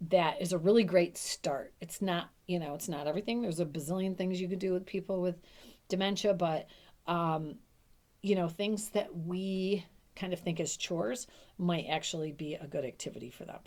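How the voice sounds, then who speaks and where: Low-voiced chatty woman coaching caregivers. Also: darkish tone. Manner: chatty, emphatic, acts out little quoted lines. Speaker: dementia care coach. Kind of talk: casual teaching to camera.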